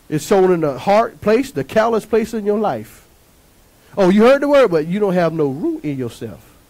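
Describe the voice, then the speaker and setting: A man preaching a sermon as pastor, emphatic and lively, asking the congregation to answer back. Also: high voice, normal speed, low-quality recording.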